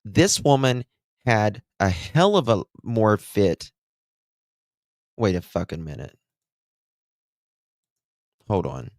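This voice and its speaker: A man's voice: on the low side, very animated, takes it slowly, gravelly, long pauses, no room sound, studio quality. Blunt, sarcastic Appalachian man. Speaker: true crime commentator. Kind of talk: commentary reacting to interview clips.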